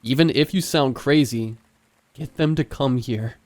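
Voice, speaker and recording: A man's voice: medium pitch, unhurried, voice pushed up, close to an everyday voice. Man doing a scared trapped teen boy, urgent and pleading, slightly raised voice. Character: desperate trapped teenage boy, frightened.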